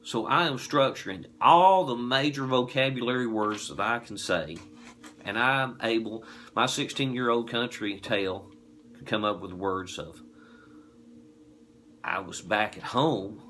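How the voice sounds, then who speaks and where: A man in his forties with a Southern US accent, telling a folksy, animated anecdote. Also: mid-range voice, moderate pace, slight background noise. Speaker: distillery promoter. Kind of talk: casual anecdote.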